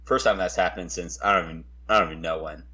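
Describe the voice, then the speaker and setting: Husky low-voiced man chatting sports. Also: steady tone, fast talker, bright, forceful tone, muffled recording. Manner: hesitant, repeats words when starting sentences. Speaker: podcast co-host. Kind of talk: casual sports chat.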